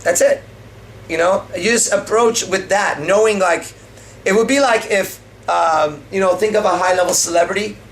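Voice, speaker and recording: A man's voice: high-pitched, slight background noise. A man coaching on dating in a casual seminar, swearing freely and acting out pickup lines as he explains them. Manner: profane, animated, acts out pickup lines.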